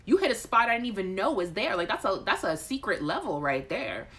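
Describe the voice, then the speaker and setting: A woman's voice: medium pitch, a little fast. A woman hosting a casual live chat show, reading out viewer comments in a playful, frank way. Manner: animated, playful and frank, with laughter.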